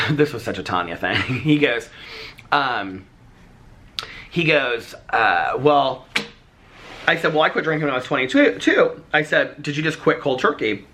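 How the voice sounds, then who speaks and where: A man casually telling a story on his vlog, chatty and animated, acting out the dialogue as he goes. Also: mid-range voice, measured pace, pauses often, slight background noise. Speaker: vlogger.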